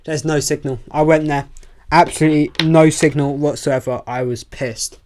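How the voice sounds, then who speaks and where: A man's voice: fairly high pitch, fairly even intonation, darkish tone, a little hiss or hum. Young male co-host, casual and hesitant, plenty of fillers. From southern England. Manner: halting, full of likes and restarts. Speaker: podcast co-host. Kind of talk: casual chat.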